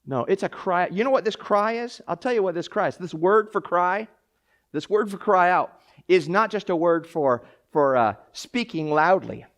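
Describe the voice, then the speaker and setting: A man preaching with a high voice that jumps from quiet, hushed asides to near-shouted cries. He acts out the lines he quotes and often repeats and restarts his phrases, delivering a lively, animated sermon. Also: normal speed. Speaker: pastor.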